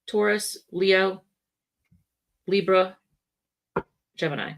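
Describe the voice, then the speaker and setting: Lady reading tarot, kinda low voice, rambly and chatty, keeps restarting her sentences. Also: unhurried, pauses often, a bit bright. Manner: rambling, self-correcting, chatty asides. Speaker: tarot reader.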